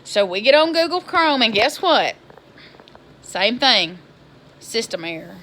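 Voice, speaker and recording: A woman's voice: fairly high pitch, a little slow, slight background noise. Exasperated woman telling a story. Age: 20s. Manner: exasperated, animated storytelling with Southern slang. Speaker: vlogger. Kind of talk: casual storytelling vlog.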